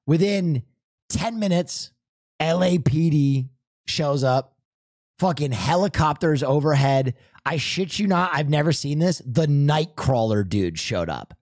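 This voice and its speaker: A male streamer telling a story in casual chat, animated and profane, acting out sounds. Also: a little high, measured pace, no room sound, studio quality.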